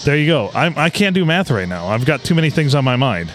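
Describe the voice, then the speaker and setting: A man's voice: a little high, sing-song, fast, fairly bright tone, soft background music. A man co-hosting a podcast in casual comedic chat, joking and swearing freely, laughing often. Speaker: podcast co-host. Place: sports bar.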